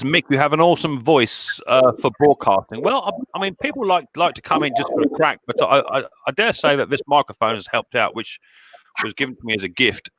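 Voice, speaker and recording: A British man with a husky voice, chatting casually and rambling on a live stream from a small cold workshop shed. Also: mid-range voice, bright, forceful tone, no room sound. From Britain. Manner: chatty, rambling with restarts and fillers. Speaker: live stream host, mower repairer. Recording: dry, close studio mic.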